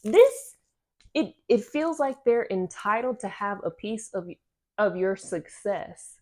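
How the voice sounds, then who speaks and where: A woman's voice: medium pitch, expressive, takes it slowly, darkish tone. A woman reading oracle cards for her viewers, rambling and repeating herself in casual, slangy talk. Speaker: oracle card reader. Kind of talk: casual channeled card reading.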